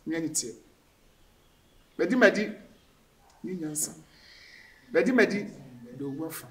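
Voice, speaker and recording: A man's voice: on the high side, lively intonation, unhurried, fairly bright tone. An actor playing a distressed man who begs and warns, repeating his words. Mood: solemn. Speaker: actor in a Ghanaian film. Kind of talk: emotional film acting.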